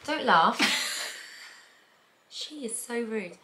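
A woman's voice: fairly high pitch, lively intonation, very slow, heavy background noise. A British woman in her thirties, chatting playfully as she unboxes beauty products. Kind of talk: casual chat.

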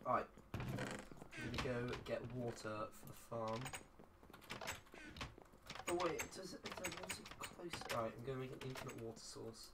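A streamer, chatting casually while playing a game and now and then breaking into loud excited outbursts. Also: medium pitch, a little slow, pauses often. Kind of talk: casual gaming chat. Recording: distant mic with steady background noise.

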